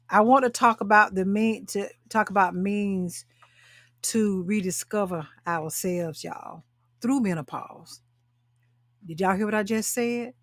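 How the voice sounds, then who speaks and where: A woman in her 60s, a talk show host and life coach, speaks at medium pitch to a female audience on a live stream through a webcam or phone mic. She is emphatic and preachy, repeating phrases and calling out to viewers, and the recording is dry and close with hardly any room sound.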